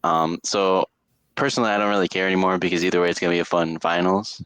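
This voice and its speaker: A man's voice: deep voice, steady tone, fast talker, fairly bright tone, smooth, no room sound. A young man co-hosting a casual sports podcast, rambling with lots of fillers and restarts. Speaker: podcast co-host.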